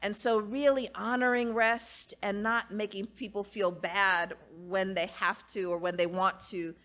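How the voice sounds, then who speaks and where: Earnest lady guest, mid voice, lots of "you know" and "right", thinking out loud. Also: medium pitch, steady tone, unhurried. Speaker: guest, academic and author. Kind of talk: casual conversation.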